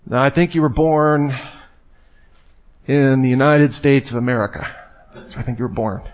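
Smug fairground psychic man, teasing, draws out each reveal, medium pitch, put on by a preacher. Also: fairly even intonation, normal speed, close to an everyday voice.

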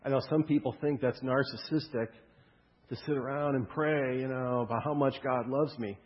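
A man's voice: medium pitch, steady tone, moderate pace. A man preaching a sermon, in a loose, conversational way with humorous storytelling. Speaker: pastor. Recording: muffled with long hall reverb.

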